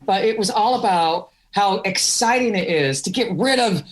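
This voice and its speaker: A woman's voice: mid-range voice, lively intonation, normal speed. A middle-aged woman from Wisconsin, a podcast guest telling candid stories with laughs. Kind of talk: storytelling interview.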